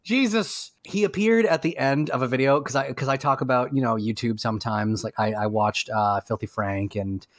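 Excitable rambling man, dry close sound. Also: medium pitch, fairly quick, few pauses, dry recording. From Canada. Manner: excitable, rambling, self-mocking. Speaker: podcast co-host. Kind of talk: casual chat. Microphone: remote call mic.

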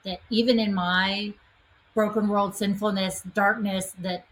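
A woman co-hosting a podcast, speaking in a heartfelt, grateful and somewhat halting way. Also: medium pitch, fairly even intonation, slight background noise, poor audio. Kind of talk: podcast conversation.

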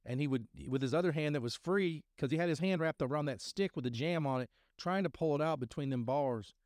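A man's voice: on the high side, fairly quick, darkish tone, no room sound, studio quality. A middle-aged man hosting a podcast, telling a story and his own testimony in a rambling, casual way with many fillers and restarts. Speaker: podcast host sharing testimony.

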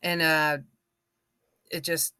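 A woman with a notably low voice chats in a laid-back way on a podcast and laughs easily. The sound is close and dry, with no reverb. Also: little pitch movement, takes it slowly, clean tone. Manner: laid-back, laughs a lot, warm listener. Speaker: podcast co-host. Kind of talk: casual chat.

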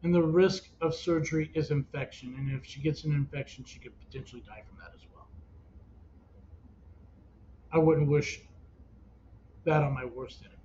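A man with a somewhat high voice tells a painful family story in an earnest, emotional way, often stopping and restarting. The audio is dull and lo-fi, with a faint hiss under it. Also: moderate pace, long pauses, a little mellow. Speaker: parent of a child with cancer. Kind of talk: personal storytelling podcast.

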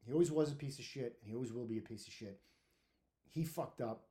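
A man telling his own firehouse story in a blunt, profane, animated way, full of restarts. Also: medium pitch, fast. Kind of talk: casual storytelling monologue.

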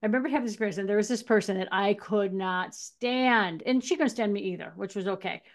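A woman's voice: mid-range voice, quick pace. A woman co-hosting a podcast, telling personal stories in casual chat, acting out quotes and laughing as she goes. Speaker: podcast co-host. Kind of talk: casual conversational storytelling.

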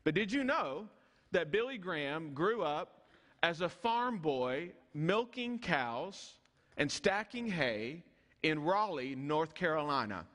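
A man preaching a sermon, reading scripture slowly and dropping low and soft when he prays. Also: very animated. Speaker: pastor. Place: church sanctuary. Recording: long church hall reverb.

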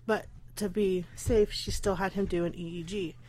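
A woman's voice: medium pitch, steady tone, normal speed, dark tone, a little hiss or hum. A young adult woman hosting her own podcast, talking candidly and rambling, pregnant and emotional, close to tears, with nervous laughs. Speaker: podcast host. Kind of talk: casual personal podcast.

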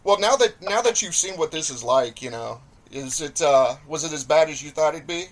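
Relaxed male podcast host from the South, rambling, laughing between thoughts. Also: a little high, moderate pace, a little hiss or hum. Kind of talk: casual podcast chat.

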